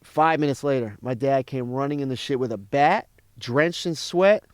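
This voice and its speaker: A man's voice: mid-range voice, moderate pace, smooth, dry recording, studio quality. A man, a comedian guest telling a profane story in casual chat and acting out what others said. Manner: animated, profane, acts out other people's lines.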